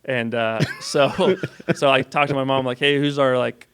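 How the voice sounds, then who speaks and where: Young man, gravelly voice, mid pitch, rambling casual story, podcast guest. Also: fairly even intonation, a little slow, fairly bright tone. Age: young adult. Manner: rambling, says "like" a lot, laughs through his story.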